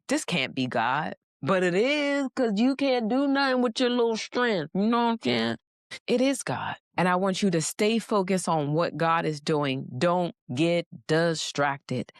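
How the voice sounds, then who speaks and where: A woman's voice: low voice, dry recording, clean studio sound. A woman giving a motivational sermon, mixing scripture readings with casual, slangy asides. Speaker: faith speaker.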